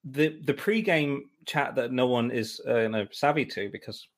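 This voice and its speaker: A man chatting on a podcast, telling long, rambling stories in a mildly exasperated tone. He often stops and restarts his sentences and fills pauses with ums and uhs. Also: medium pitch. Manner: rambling, exasperated storytelling with many fillers. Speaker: musical director and co-host. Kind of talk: casual chat.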